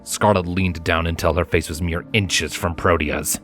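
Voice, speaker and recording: A man reading fan fiction aloud in a measured, dramatic narration. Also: low-pitched, steady tone, a bit bright. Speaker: fanfiction reader. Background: faint background music.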